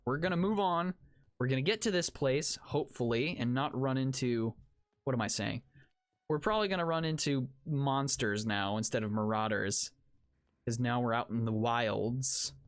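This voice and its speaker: An excitable let's play host talking through a game in casual commentary. The voice swoops up and down with lively pitch, jumping from sudden outbursts to wry, self-mocking asides aimed at viewers. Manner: excitable, reacts aloud to the action.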